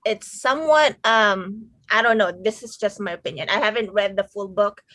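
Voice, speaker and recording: A woman's voice: mid-range voice, moderate pace, fairly bright tone, no room sound. A woman taking part in a casual group discussion, speaking hesitantly and searching for her words. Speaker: discussion participant.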